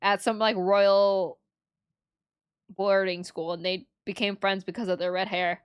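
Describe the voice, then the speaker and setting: A woman's voice: mid-range voice, steady tone, moderate pace, clear, resonant tone, no room sound, highs cut off. A woman streaming a game, chatting to viewers in a giggly, self-mocking way. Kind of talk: live game stream chat.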